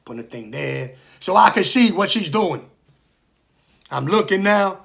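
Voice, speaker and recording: A man telling a story from his own life in a loose, animated way, acting out the people he quotes and swearing freely. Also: sits high, a little slow, creaky. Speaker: storyteller recounting prison life. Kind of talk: casual storytelling monologue.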